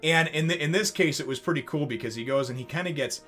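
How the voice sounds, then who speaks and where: A man vlogging a casual, animated recap of a manga chapter from his desk at home, swearing freely and acting out the characters' lines. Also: on the high side, fast talker, faint music behind. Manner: animated, swears casually, voices quoted characters, laughs often. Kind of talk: excited casual recap to camera.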